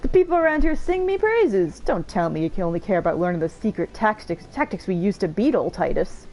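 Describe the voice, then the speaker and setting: A woman reading a game character's lines, voicing a boastful, grumpy old male axeman hero with a gruff, swaggering voice pitched a bit lower than her own. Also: sing-song, brisk, darkish tone, a little hiss or hum. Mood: indignant.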